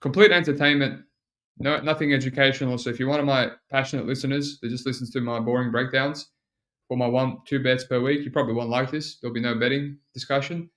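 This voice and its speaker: A man's voice: medium pitch, steady tone, fast, a bit bright. A man hosting a solo podcast, talking casually and rambling, with lots of fillers and restarts. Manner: rambling, self-mocking, frequent fillers and restarts. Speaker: podcast host.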